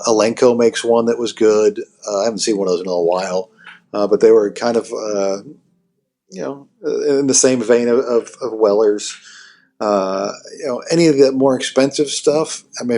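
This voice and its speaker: Speaking in a mellow, mid-range voice, this male amp builder guest chats informally on a tech podcast about constructing and repairing guitar equipment, peppering his talk with "you know" and frequent restarts.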